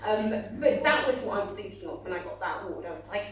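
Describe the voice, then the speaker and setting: A woman's voice: medium pitch, expressive, fast, crowd noise. A woman author on a conference panel, speaking emotionally and apologetically with many fillers. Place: conference hall. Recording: echoey hall from far off with faint hum.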